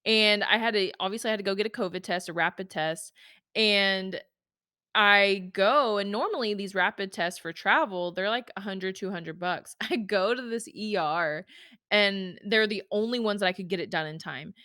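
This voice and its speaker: A female podcast host talks casually about her own life in an emotional personal monologue, filled with "like" and "y'all." Her medium-pitched voice has a sharp tone and a moderate pace. The recording is dry and of studio quality.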